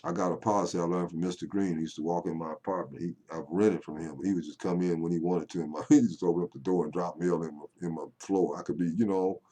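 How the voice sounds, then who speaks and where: A man's voice: sits low, fairly even intonation, quick pace, hardly any pauses, mellow. An older man talking at home to camera in a rambling, folksy monologue that swings into call-and-response preaching. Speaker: poet vlogger.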